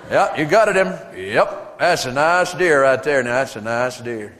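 A man voicing a bragging male redneck deer hunter in a slow, lazy drawl, heard in a long hall reverb. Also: medium pitch, lively intonation, a bit bright, pitched below the performer's own voice. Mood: drawling brag.

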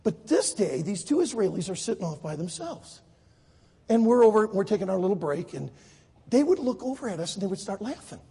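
A man preaching a sermon to high school students, telling a story with lively acted voices. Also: a little fast, creaky, husky, big-room sound. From United States. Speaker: Baptist preacher.

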